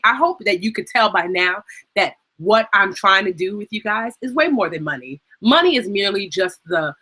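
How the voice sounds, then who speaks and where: Bright, husky-voiced chatty woman. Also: medium pitch. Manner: chatty, emotional, laughs through tears. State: tearful, crying at times. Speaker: personal finance educator and host. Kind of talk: casual live-stream Q&A.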